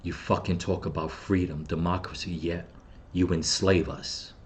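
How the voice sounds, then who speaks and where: Steady and low-pitched, a middle-aged man talks at a moderate pace against slight background noise. On his channel he describes a loss, grieving, before launching into a bitter vlog rant full of swearing aimed at the people he holds responsible.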